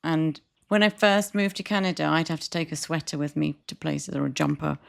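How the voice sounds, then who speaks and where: A woman's voice: sits low, brisk, creaky. A woman with a New Zealand accent, co-hosting a podcast as a chatty storyteller who laughs often. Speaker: podcast co-host. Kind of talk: casual chat.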